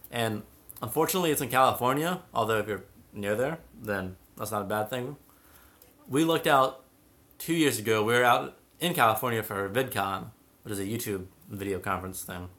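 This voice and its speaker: A man's voice: fairly low pitch, animated, moderate pace, fairly bright tone. A young man hosting a casual live stream about cats, chatting and reading out viewer comments. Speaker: cat channel host.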